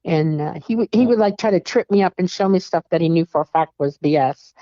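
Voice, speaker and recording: A woman's voice: on the low side, brisk, warm tone, no echo, muffled recording. A woman guest on a talk show, chatting casually and emphatically about her experiences, laughing often. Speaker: guest contactee. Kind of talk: casual chat.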